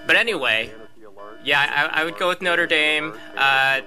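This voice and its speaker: A man's voice: a little high, a little slow, over music. A man from Los Angeles co-hosting a sports show, chatting casually with frequent "uh" fillers. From Los Angeles area, USA. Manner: relaxed, chatty, uses fillers like "uh". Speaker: co-host.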